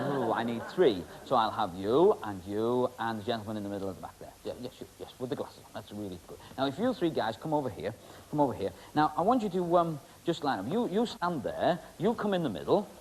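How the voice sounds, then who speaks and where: Joking stage magician, lively pitch. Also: male voice, a little hiss or hum, low-quality recording. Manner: joking, rambling, teasing, full of ums. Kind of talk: comic stage patter with volunteers.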